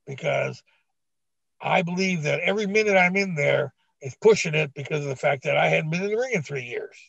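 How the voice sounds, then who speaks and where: A middle-aged man, a retired wrestler, telling a story in a blunt, profane, animated way on an interview podcast. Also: on the high side, a little fast, gravelly, breathy edge, no echo. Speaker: retired pro wrestler guest. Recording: dull, dry lo-fi recording.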